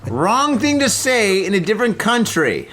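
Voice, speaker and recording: A man's voice: high voice, very animated, normal speed, a bit bright, a little hiss or hum. A man hosting a podcast, chatting casually, joking and swearing freely as he tells stories. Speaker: podcast host. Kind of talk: casual interview chat. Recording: clear guitar music behind.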